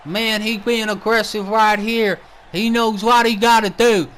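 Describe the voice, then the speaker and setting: Male wrestling commentator, high-pitched, brash, profane play-by-play. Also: fairly even intonation, a little slow, fairly bright tone. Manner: brash, trash-talking, swears a lot.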